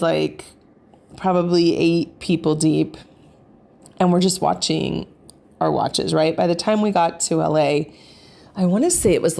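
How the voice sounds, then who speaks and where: A woman vlogger telling a family travel story in an animated, rambling way, full of fillers. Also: fairly low pitch. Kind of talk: casual storytelling to camera.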